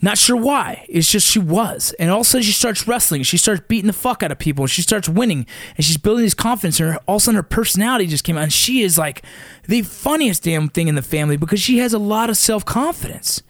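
Blunt, fiery high-voiced man ranting. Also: lively intonation, quick pace, dry recording, studio quality. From San Fernando Valley, California. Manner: blunt and intense, heavy swearing, repeats for emphasis. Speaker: father of young athletes. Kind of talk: profane motivational rant.

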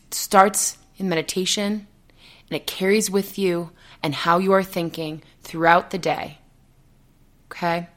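Brief: young woman, slightly low voice, earnest rambling podcast host, checks in with "okay?", giggles nervously. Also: fairly even intonation, a little slow. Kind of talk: casual solo podcast monologue.

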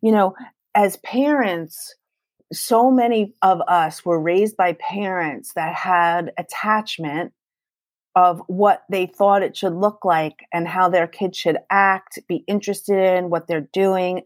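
A woman's voice: lowish voice, no room sound. Earnest mother talking openly, dry sound. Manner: earnest and emphatic, quoting herself in dialogue. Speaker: guest. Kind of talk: conversational podcast interview.

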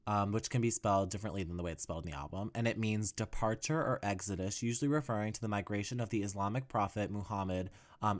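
Chatty self-mocking man, low voice. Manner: chatty and self-mocking, many fillers, swoops up when excited. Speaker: podcast host. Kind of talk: casual solo podcast talk.

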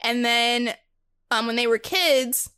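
A woman co-hosting a casual podcast, excitedly retelling horror movie scenes with giggles and quoted lines. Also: on the high side, slow, smooth. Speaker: podcast co-host. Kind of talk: casual movie review chat.

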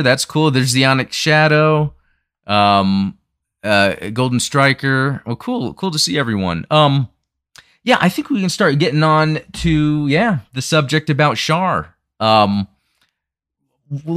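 A man hosting a live chat show, talking fast and rambling with lots of fillers and restarts. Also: on the high side, a bit bright, clean tone, no room sound, clean studio sound. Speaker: podcast host. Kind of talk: casual chat.

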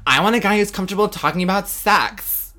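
A gushing reality-show bachelorette, as a man mocks her in a lifted, bright, breathy voice. The delivery is exaggerated and teasing. It is a parody more than a real portrayal. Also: high voice, a little fast, voice pushed up. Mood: mocking. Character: gushing reality-dating-show woman, mocked.

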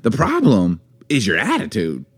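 A man with a fairly low voice that swings widely in pitch, chatting casually with his wife as co-host. He acts out little phrases in put-on voices and laughs a lot as he talks. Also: wildly swooping pitch, normal speed, breathy edge. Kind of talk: casual couple chat.

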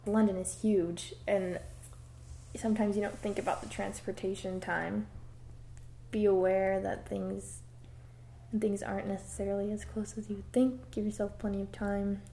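Brief: woman student, level mellow voice, faint ambience. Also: mid-range voice, flat delivery, normal speed, creaky, a little hiss or hum. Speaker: student traveler. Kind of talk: casual interview advice.

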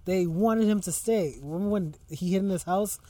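A man co-hosting a casual podcast, easygoing and quick to laugh. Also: high-pitched, dark tone. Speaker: podcast co-host.

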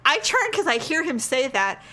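A woman's voice: high-pitched, normal speed, slight background noise. A woman telling a funny story in casual chat, acting out what people said and laughing often. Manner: animated storyteller, acts out quotes, laughs often.

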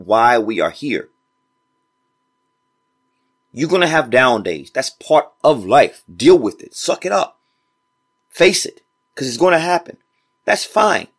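A man delivers a motivational podcast monologue in casual, informal speech. He preaches directly to his listeners and repeats phrases for emphasis. His voice sits at an ordinary middle pitch. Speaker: podcast host.

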